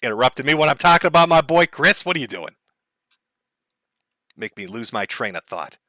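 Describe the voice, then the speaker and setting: A man's voice: mid-range voice, very animated, brisk, bright, forceful tone, no room sound. A man hosting a livestream, giving a crude, sarcastic rant with mocking asides. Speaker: streamer host.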